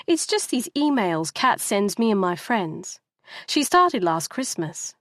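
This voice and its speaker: A woman reading an audiobook voices a blunt, awkward teenage girl in a high, offhand voice. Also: sing-song, slow, fairly bright tone, dry recording, clean studio sound.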